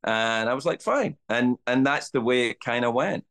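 A man's voice: medium pitch, normal speed. A middle-aged Scottish man, a comedian, telling stories in casual podcast chat and acting out voices as he goes. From Scotland. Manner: animated, swearing storyteller acting out voices. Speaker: guest comedian.

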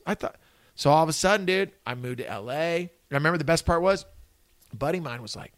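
A man's voice: fairly high pitch, fast talker, creaky, no echo. A middle-aged man from Northern California telling stories in a casual conversation, swearing freely and acting out what people said. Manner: animated, profane, acts out quoted dialogue. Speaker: guest.

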